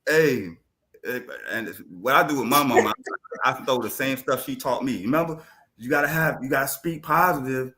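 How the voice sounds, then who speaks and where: Bright, lively man from Jamaica, a podcast guest, who acts out family chats with laughs. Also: mid-range voice, fairly quick. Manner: animated storytelling, acts out family conversations, laughs often. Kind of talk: casual chat.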